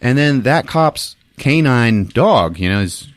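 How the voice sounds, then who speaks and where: A male podcast host giving a comedic, profane movie recap as an animated, laughing storyteller. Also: mid-range voice, takes it slowly, no room sound, studio quality.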